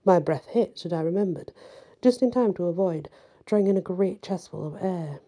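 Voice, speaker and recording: A woman reading a story aloud as a storyteller, with soft narration that drops to a whisper at times. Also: fairly low pitch, normal speed.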